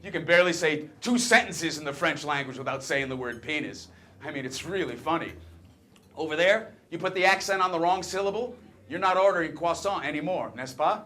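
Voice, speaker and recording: A man's voice: on the high side, a little fast, bright, forceful tone. A man playing a brash wisecracking talking penis. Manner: cocky stand-up patter, teasing the audience. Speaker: stage performer. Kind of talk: stage comedy monologue.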